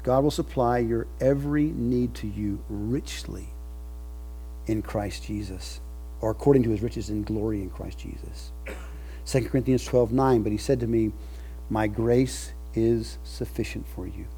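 Man, preacher, mellow husky voice, faint music underneath, swells loud then drops soft. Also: fairly low pitch, unhurried, poor audio. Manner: preaching with swelling emphasis, dropping soft at phrase ends; leads congregation in recited scripture. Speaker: pastor. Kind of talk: sermon.

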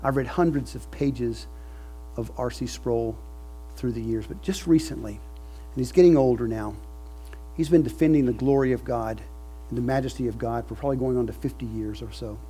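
A man preaching a sermon, moving from quiet reflection to loud, emphatic passages. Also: mid-range voice, moderate pace, breathy edge. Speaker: pastor.

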